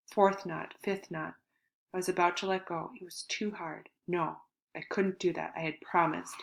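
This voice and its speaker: Earnest woman audiobook narrator, lowish voice, dramatic swings, roomy echo. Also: a bit bright. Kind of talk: first-person audiobook narration. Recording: echoey room.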